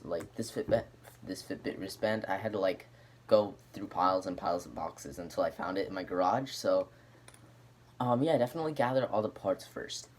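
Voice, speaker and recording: A man with a notably deep, low-pitched voice talks through a demo of something he built at home. He rambles in a loose, unscripted way, full of "um" and "like", with a faint hum of noise behind him. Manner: rambling, filler-heavy, lots of "um" and "like". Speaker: hobbyist demonstrating a homemade gadget. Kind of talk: casual show-and-tell video.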